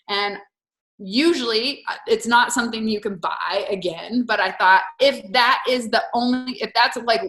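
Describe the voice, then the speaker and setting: A woman hosting a podcast, talking in an open, rambling way. She fills her stories with "like" and drops the odd swear word. Her voice is bright and carries an echo from the room. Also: on the high side, a little fast. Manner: candid storytelling with swearing and filler "like". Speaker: podcast host. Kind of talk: casual chat.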